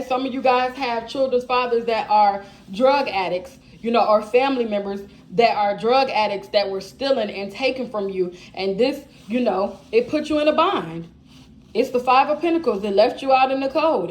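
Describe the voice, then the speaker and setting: A woman giving a channeled tarot reading, blunt and profane. She talks straight to her viewers as "y'all" with plenty of emphasis. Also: high-pitched. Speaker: tarot reader.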